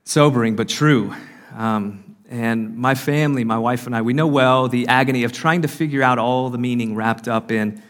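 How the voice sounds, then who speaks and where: A man's voice: medium pitch, normal speed. A man speaking earnestly at a marriage conference, giving a faith-based talk with frequent fillers and restarts. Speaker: conference speaker and podcast host. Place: conference hall.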